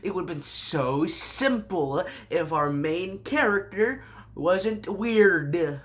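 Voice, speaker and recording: Male anime reviewer, deadpan sarcasm, rambling recap, slightly high voice. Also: slow. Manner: sarcastic, rambling, with jumpy pitch.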